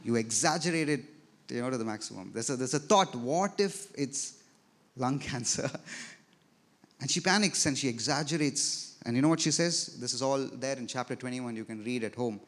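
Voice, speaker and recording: A man's voice: mid-range voice, fast. A man preaching a sermon as pastor, telling a story and swelling then dropping his voice for emphasis, in a church sanctuary. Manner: storytelling preacher, rises and drops in loudness for emphasis.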